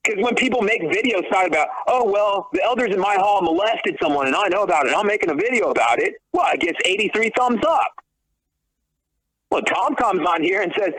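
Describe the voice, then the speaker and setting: A man's voice: sits high, expressive, brisk, a bit bright, low-quality recording. A man ranting on a talk podcast, profane and sarcastic, restarting his sentences as he goes. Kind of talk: heated podcast rant.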